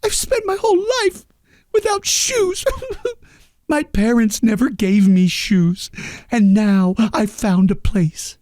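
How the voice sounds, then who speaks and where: A man's voice: high voice, expressive, takes it slowly, a little mellow, no room sound, studio quality, voice pushed up. A man voicing a giant male movie monster as a whiny, childlike creature who sobs with self-pity. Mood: whiny, tearful. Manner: sobbing, self-pitying.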